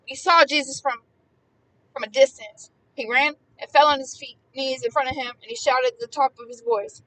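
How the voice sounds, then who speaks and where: Emphatic woman preaching with bright voice. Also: high voice, fairly even intonation, moderate pace, far from the mic, rough recording. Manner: emphatic and repetitive, swinging between hushed and loud. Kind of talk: impassioned Bible commentary.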